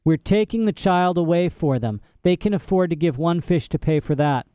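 A frightened but brave young girl, as a male narrator puts her on, her voice lifted higher and trembling. The tone stays mellow and smooth, recorded close and dry like a storybook reading. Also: lively intonation, normal speed, no echo, close to an everyday voice. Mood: resolute. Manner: trembling, pitched up.

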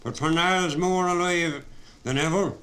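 A man voicing a fierce, angry hurler who shouts his words in a storybook reading. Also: fairly high pitch, measured pace, voice pushed up, poor audio. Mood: furious. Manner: shouting, furious.

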